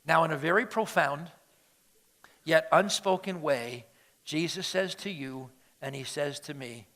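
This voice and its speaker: High-voiced animated male pastor preaching. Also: normal speed. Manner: animated storytelling, acting out quoted voices. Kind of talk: sermon.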